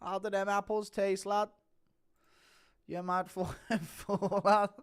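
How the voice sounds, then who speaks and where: A man's voice: sits high, level tone, slow pace, clean tone, voice pushed up. A man voicing a cocky male fighter who taunts a rival. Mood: gloating.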